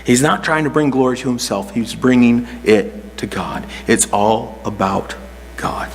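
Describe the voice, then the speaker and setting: A man's voice: medium pitch, a little slow, big-room sound, slight background noise. A man preaching a sermon, reading scripture aloud and explaining it verse by verse. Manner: expository Bible teaching, reads scripture aloud. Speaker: pastor.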